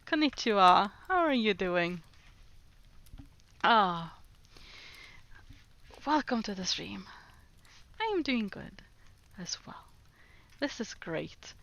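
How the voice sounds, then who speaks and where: A woman's voice: medium pitch, fairly bright tone. A woman streamer chatting casually with her chat, laughing often. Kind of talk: casual livestream chat, reading chat aloud.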